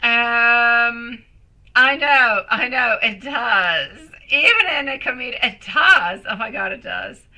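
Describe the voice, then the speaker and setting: A woman's voice: fairly high pitch, slow, rough recording. A woman giving a live-stream tarot reading, affectionate and emotive, calling viewers sweetie and my love. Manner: emotive, swings between excited and soft. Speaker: tarot reader.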